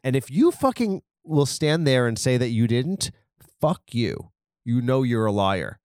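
A man's voice: medium pitch, sing-song, a little slow, darkish tone, clear, resonant tone, no echo, clean studio sound. A man hosting a comedy podcast, riffing crudely and rambling on news headlines. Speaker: podcast host.

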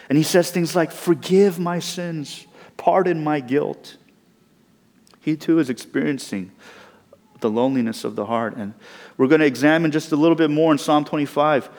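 A young man from Southern California preaching a sermon in a conversational, personal way, with rhetorical asides to the congregation. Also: a little high. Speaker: pastor. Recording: long hall reverb.

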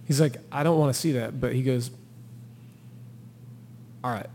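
A man's voice: mid-range voice, moderate pace, creaky, long reverb tail, a little hiss or hum. Man telling a trail story with feeling. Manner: animated storyteller who acts out quotes and laughs. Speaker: podcast guest, thru-hiker. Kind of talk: casual storytelling interview.

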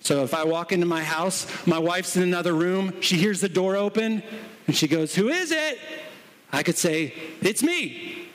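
A man's voice: high voice, steady tone, moderate pace. A man preaching an expository sermon to a congregation, teaching with rhetorical questions. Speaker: pastor. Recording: long hall reverb.

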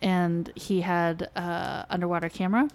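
A woman's voice: lowish voice, little pitch movement, normal speed. A woman co-hosting a casual chat, telling a story with laughs and casual swearing. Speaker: podcast co-host.

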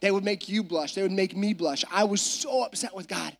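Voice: medium pitch, a little fast, creaky. A pastor preaching a sermon from a church stage, talking in a chatty storytelling way with frequent asides to the audience.

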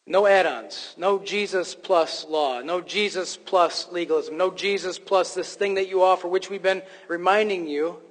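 An emphatic man preaching, his voice pitched high and full of restarts and fillers as he presses his point. His voice rings out with the long reverb of a large hall. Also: a little slow, few pauses. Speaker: pastor. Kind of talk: sermon.

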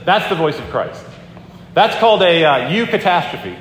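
A man's voice: on the high side, sing-song, moderate pace, a bit bright, slight background noise. A middle-aged man preaching a sermon in a conversational storytelling way, with frequent ums and restarts. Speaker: pastor. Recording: echoey hall with long reverb, faint ambience.

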